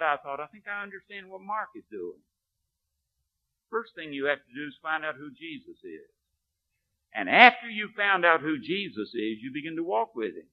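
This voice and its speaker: A man preaching a sermon, telling a story and often dropping to a hushed, low delivery. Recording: narrow, phone-like lo-fi recording.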